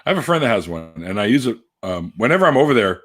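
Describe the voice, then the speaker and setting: A man's voice: on the low side, sing-song, fast talker. A man hosting a casual video chat, telling profane jokey stories and acting out the other voices. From Canada. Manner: joking, profane storyteller who acts out voices. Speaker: host.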